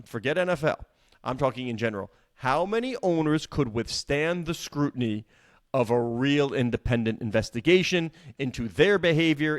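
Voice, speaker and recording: A man co-hosting a sports business podcast, talking in an animated, emphatic way and repeating words for stress. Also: mid-range voice. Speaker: podcast co-host. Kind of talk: casual sports business chat.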